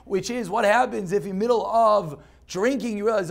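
A man teaching an informal religious class, animated, with loud bursts, quiet asides and slowly chanted quotes. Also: high-pitched, vocal fry.

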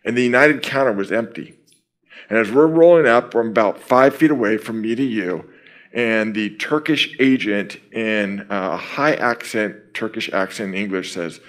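A middle-aged man giving a sermon at a camp, opening in prayer and then telling a personal story with lively quoted dialogue. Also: mid-range voice, normal speed. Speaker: camp speaker.

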